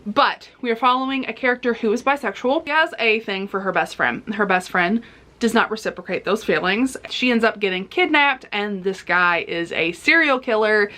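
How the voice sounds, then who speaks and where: Bright-voiced woman, blunt book reviewer. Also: mid-range voice. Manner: blunt and animated, talks frankly about explicit content. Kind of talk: casual book review vlog.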